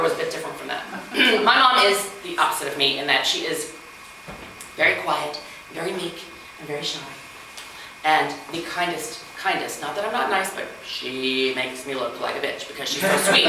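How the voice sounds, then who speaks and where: A woman in her forties doing open mic stand-up, chatty and self-deprecating, full of fillers and acted-out quotes. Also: fairly low pitch. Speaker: stand-up comedian. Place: mansion room at an open mic. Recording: very echoey room, far from mic, noisy.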